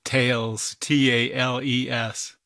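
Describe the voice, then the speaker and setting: A man's voice: medium pitch, level tone, slow pace, vocal fry, pushed and bright, no echo. Radio puzzle guy spelling out letters, encouraging, dead dry studio mic, a man. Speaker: puzzle master. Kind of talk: radio word puzzle hosting.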